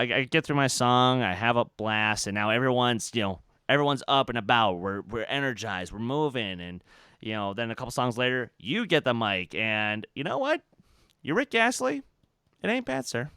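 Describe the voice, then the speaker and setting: A young man co-hosting a podcast, telling a story in casual chat, animated and full of fillers and restarts. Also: mid-range voice, clear, resonant tone, no echo, studio quality. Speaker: podcast co-host.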